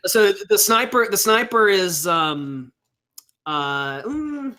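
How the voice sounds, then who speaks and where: A man with a fairly high, bright voice narrates a tabletop role-playing session as game master. He takes his time, working out each scene slowly and thinking aloud as he goes. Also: lively intonation. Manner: halting, thinks aloud while describing scenes.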